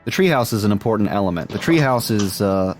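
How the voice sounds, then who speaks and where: A man co-hosting a casual film podcast, chatty and quick to laugh while he recaps the plot. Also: on the low side, animated, faint music behind. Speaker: podcast co-host.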